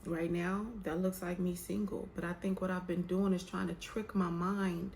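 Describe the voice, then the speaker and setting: In a room with some echo and slight background noise, a young woman shares her feelings on faith and waiting with the camera. Her fairly low voice is creaky and dark, level in tone and unhurried. She talks in a colloquial drawl, candid and emotional, keeping it a casual heartfelt chat.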